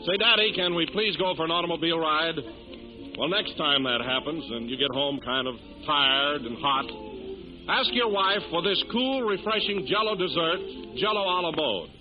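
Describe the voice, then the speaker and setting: A fairly high, very lively male announcer, his voice bouncing through a smooth, upbeat commercial read. The sound is dull and old-fashioned, with music playing clearly behind him. It has the feel of a 1930s radio broadcast. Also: moderate pace. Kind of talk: scripted radio narration and commercial.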